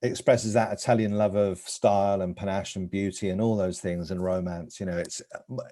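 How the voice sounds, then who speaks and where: A deep-voiced man talks thoughtfully and earnestly on a cycling podcast, building his point at length. His low voice carries a sincere tone. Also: steady tone, fairly quick, warm tone. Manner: reflective, earnest. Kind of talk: podcast discussion.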